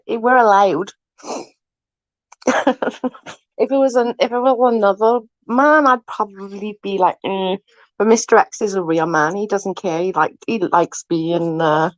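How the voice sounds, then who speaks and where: A woman's voice: medium pitch, no echo, rough recording. A woman chatting casually with her viewers, giggling often and swearing freely.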